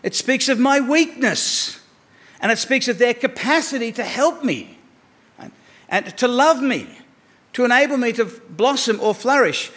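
A man preaching a sermon to his church, emphatic, repeating words for stress and moving between soft asides and raised declarations. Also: very high voice, animated, normal speed. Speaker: pastor.

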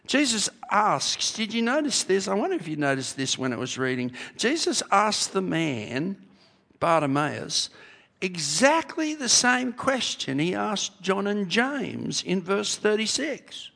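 Male preacher, raised voice with a rough edge, unhurried emphatic sermon delivery; reverberant church hall. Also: sits high, big pitch swings, sharp tone. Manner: emphatic, rhetorical questions, repeats key phrases. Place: church sanctuary.

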